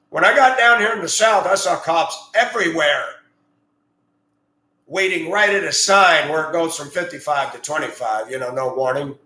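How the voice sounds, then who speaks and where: A man who drives a school bus, talking in a blunt, rambling, opinionated monologue. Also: fairly high pitch. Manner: blunt, rambling, gets heated and loud. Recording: echoey room.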